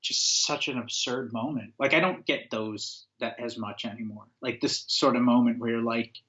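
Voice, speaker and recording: Speaking at medium pitch and moderate pace, a podcast guest from upstate New York shares an anecdote in casual talk. The former record label owner is an animated storyteller who acts out quotes and uses frequent fillers, and the sound is lo-fi.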